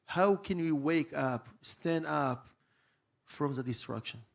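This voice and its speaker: A man moderating a conference interview, setting up his question in an earnest, deliberate way. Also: on the high side, gravelly.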